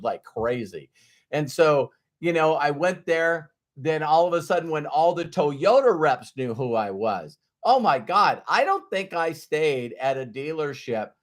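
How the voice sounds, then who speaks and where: A man telling his own career story in a casual, rambling way. He laughs often and repeats himself. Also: a little high.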